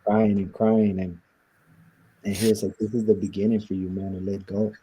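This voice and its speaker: A man being interviewed tells a personal story in a husky, low voice, dark and mellow in tone, with little pitch movement and a normal speed. He speaks earnestly and reflectively, taking on the voices of the people he quotes, and the recording is rough.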